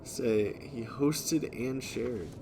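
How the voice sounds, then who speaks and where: A man live-streaming, reading and answering viewer chat in a relaxed way, chuckling often. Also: mid-range voice, very slow, noisy background. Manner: laid-back, chuckling often, thanking viewers.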